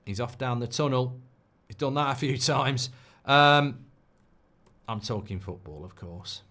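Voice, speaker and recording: A man's voice: medium pitch, a little slow, sharp tone. Man hosting a casual football watchalong. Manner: chatty, reads out viewer messages. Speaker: football livestream host.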